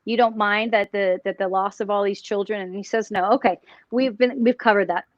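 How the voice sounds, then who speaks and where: Halting woman psychic, lo-fi audio. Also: mid-range voice, fairly even intonation, no echo. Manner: halting, many restarts, questioning. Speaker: psychic, remote viewer. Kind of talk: live paranormal talk show. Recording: dull dry lo-fi audio.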